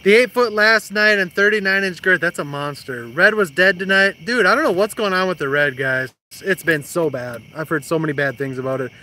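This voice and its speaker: High-pitched, brisk and bright, this young man's voice sounds pushed and barely pauses as he hosts a casual fishing live stream at night on a creek bank. He teases his partner and reads viewers' comments aloud.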